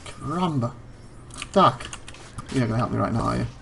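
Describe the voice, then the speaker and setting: Exclaiming gravelly-voiced gamer man. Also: mid-range voice, animated, brisk, noisy background. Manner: exclamatory, frustrated, talks to the game. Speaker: let's play host. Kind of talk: live gameplay commentary.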